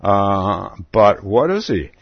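A man giving a relaxed dharma talk as a Zen teacher, chuckling often and repeating words as he goes. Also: fairly low pitch, slow, creaky. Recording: dull lo-fi dry recording.

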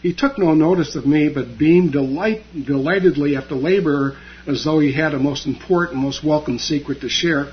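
A man giving a dharma talk, retelling a story with frequent fillers and pauses. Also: fairly high pitch, highs cut off. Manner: halting, many fillers.

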